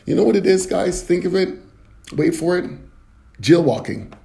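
Comic host, gravel-toned dark voice, rambling mock-serious rant. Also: male voice, sits high, animated, moderate pace, a little hiss or hum. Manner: rambling, flustered, apologetic asides; mock-earnest preaching rants. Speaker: comedian. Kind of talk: comedic monologue to camera.

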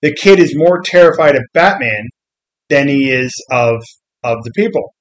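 A man's voice: medium pitch, normal speed, low-quality recording. A man in a casual comics chat who retells scenes with lots of energy and acts out the quotes. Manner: animated storyteller, acts out quotes.

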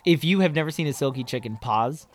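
A man co-hosting a podcast, telling stories in a relaxed, easygoing way and laughing often. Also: medium pitch, quick pace, slight background noise. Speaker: podcast co-host. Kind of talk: casual chat.

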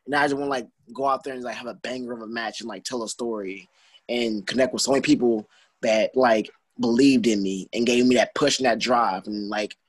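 A young man, a wrestler guest, talking in a rambling, filler-heavy, excitable way in an interview. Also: medium pitch, brisk, husky, no echo. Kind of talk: casual interview.

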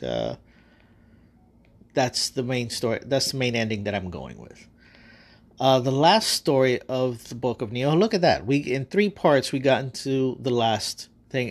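Casual man rambling through a story. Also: mid-range voice. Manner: loose, rambling, swears casually. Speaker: podcast host.

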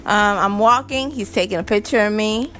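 A woman's voice: mid-range voice, normal speed. A young adult woman hosting her own podcast, telling exasperated stories about parenting with frequent laughter. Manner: animated, laughing, exasperated storytelling. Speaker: podcast host. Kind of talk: casual monologue.

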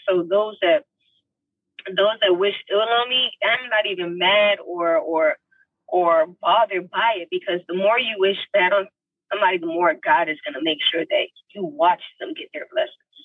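A young woman with a husky, breathy voice tells her story on a podcast. She is animated and heartfelt, and swings high when she acts out what people said. The sound is dry, from a mic a little way off. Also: normal speed, no room sound, far from the mic, phone-quality sound. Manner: animated, emotional, acts out quotes with big pitch jumps; heartfelt, faith-filled tone. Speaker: actress guest.

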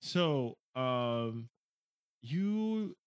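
A man's voice: mid-range voice, sing-song, very slow, smooth. A man from Africa whose first language is French, co-hosting a casual chat and telling anecdotes by acting out other people's questions. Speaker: podcast co-host.

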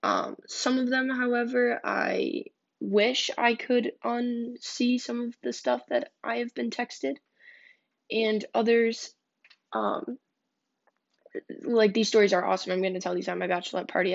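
A young adult woman's fairly high, creaky voice comes across flat, at a normal speed. She's a podcast host telling blunt, candid dating stories in a casual style, swearing freely, and the recording is dull and lo-fi.

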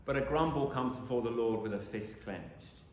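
A man preaching a sermon, dramatic, swinging from loud exclamations to hushed lines. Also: medium pitch, normal speed, slight background noise. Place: church. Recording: echoey church hall.

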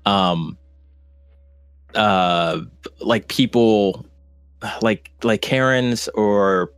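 A man's voice: fairly low pitch, very slow, clean tone, no echo. A man speaking as a podcast guest, casual and hesitant, with many fillers and restarts. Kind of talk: casual conversation.

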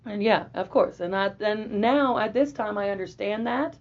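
A woman in her twenties, a podcast guest, telling a personal story in a lively, profane way and often laughing. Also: medium pitch, normal speed, vocal fry. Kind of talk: casual storytelling. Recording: dull lo-fi audio.

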